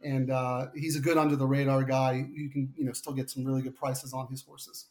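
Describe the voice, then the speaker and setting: A man's voice: mid-range voice, fairly quick. A man with a Long Island New York accent, a horse racing handicapper giving casual, rambling analysis. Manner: relaxed, rambling with restarts.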